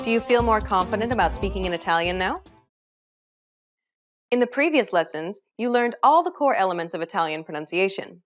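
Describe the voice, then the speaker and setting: Woman, scripted lesson narrator, clear and instructive, animated delivery. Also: mid-range voice, brisk, faint music behind. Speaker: language teacher.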